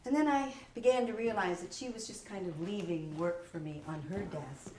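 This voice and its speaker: A woman's voice: fairly low pitch, normal speed, recorded from a distance, slight background noise. A woman with a Southern US accent performing a self-mocking solo theater monologue, recorded live in a roomy small theater. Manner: animated, self-mocking storytelling.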